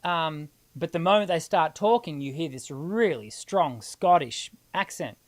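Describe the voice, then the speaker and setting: An Australian woman, a singing teacher hosting a live question-and-answer stream, explaining in a lively way and laughing easily. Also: sits low, a little slow.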